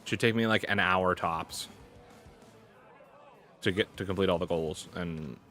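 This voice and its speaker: A man's voice: low-pitched, a little slow, bright, forceful tone, soft background music. A male streamer giving frustrated live gameplay commentary, muttering, swearing and running himself down. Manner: exasperated, self-deprecating, swearing, muttering to himself. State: sweating in the heat. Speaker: gaming streamer.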